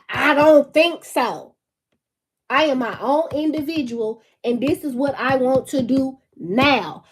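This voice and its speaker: A woman's voice: high-pitched, darkish tone. A woman, hosting her own channel and talking casually and emphatically to camera, laughing often. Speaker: channel host.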